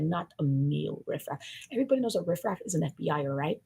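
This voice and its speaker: A woman rambling through a conspiratorial stream commentary, her talk swinging between hushed asides and loud outbursts. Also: deep voice, expressive, fast talker, low-quality recording. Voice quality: gravelly, raspy.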